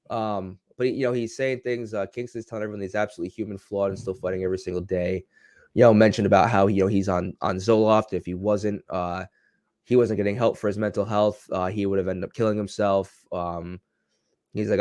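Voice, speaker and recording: Low-voiced man rambling about wrestling. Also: no echo, studio quality. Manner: rambling, frequent fillers and restarts. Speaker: podcast co-host. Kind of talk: casual wrestling chat.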